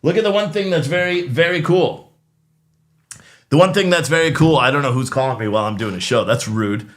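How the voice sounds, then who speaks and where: A man's voice: medium pitch, brisk, fairly bright tone. A man hosting a casual political commentary show, rambling and sarcastic, with frequent laughs and restarts. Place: studio.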